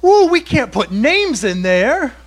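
High-voiced preaching pastor, emphatic. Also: male voice, big pitch swings. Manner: dramatic preaching, slow emphatic quotes, frequent chuckles. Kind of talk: sermon.

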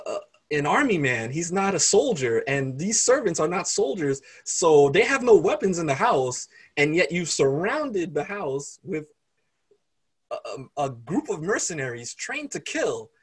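Animated man retelling a sermon story. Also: a little high, breathy edge. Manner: animated, conversational retelling with restarts. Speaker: preacher.

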